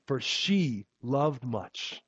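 A man preaching a sermon in a slow, emphatic way, letting his voice swell on key phrases. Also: mid-range voice, lively intonation, fairly bright tone, breathy edge, no echo. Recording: dull lo-fi recording.

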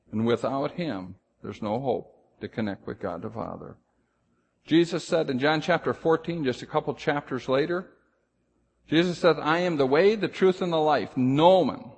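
A male pastor delivers a sermon with strong emphasis, getting loud on key phrases and dropping low and slow to drive his points home. The sound has a big-room quality.

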